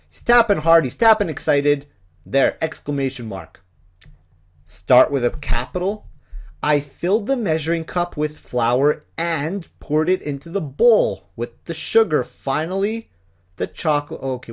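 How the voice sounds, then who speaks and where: A man teaching a punctuation lesson, explaining step by step in an animated, playful way. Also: mid-range voice. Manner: animated, playful, acts out examples.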